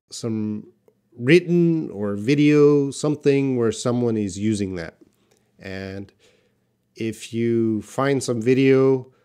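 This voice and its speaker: A man's voice: mid-range voice, warm tone, clean tone. A man teaching English in a live online question-and-answer class, patiently reading out viewers' questions and answering them. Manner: slow, patient, reads viewer questions aloud.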